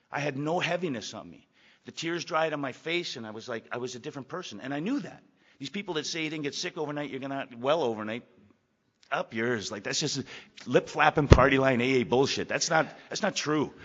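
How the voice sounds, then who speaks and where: Older man, recovery meeting speaker, gruff, emphatic, slightly high voice, dull lo-fi echoey hall recording. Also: a bit bright. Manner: blunt, emphatic, repeats phrases for weight; gruff and profane. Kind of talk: personal testimony to a meeting.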